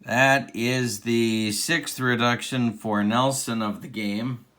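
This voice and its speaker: A man's voice: medium pitch, steady tone, slow, fairly bright tone. A man doing play-by-play commentary of a tabletop baseball game replay, with an announcer cadence and open rooting for his team. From Central Illinois.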